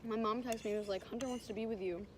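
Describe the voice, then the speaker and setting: A young woman chats casually for her vlog, telling a story with lots of acted-out quotes. Her voice sits a bit high. There is steady noise in the background of the recording. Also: racing. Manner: animated storytelling, acting out quotes. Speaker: vlogger. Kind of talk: casual chat. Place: vacation house near a beach. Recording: noisy background.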